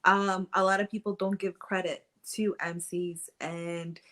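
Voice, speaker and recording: A woman's voice: lowish voice, level tone, a little slow, fairly bright tone. A woman co-hosting a casual show, speaking hesitantly with many ums as she tells an anecdote. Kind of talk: casual talk show chat.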